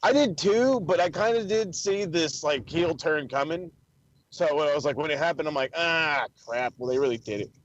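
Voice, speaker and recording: A man's voice: on the high side, moderate pace, lo-fi sound. A man co-hosting a wrestling podcast in casual chat, swearing freely and acting out quotes in funny voices. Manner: profane, excitable, acts out quotes in funny voices.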